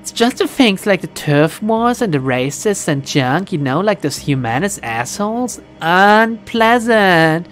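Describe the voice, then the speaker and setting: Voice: mid-range voice, big pitch swings, a little slow, few pauses, a bit bright, voice pushed up. A streamer voicing a cheerful, hard-drinking young American woman shaman in a put-on Valley Girl accent while reading a game aloud. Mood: wistful. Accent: attempted American Valley Girl.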